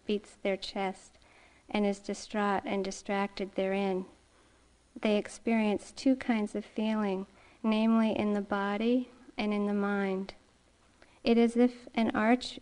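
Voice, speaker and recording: A middle-aged woman meditation teacher giving a dharma talk, telling a story gently and slowly with soft laughs. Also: mid-range voice, clean tone.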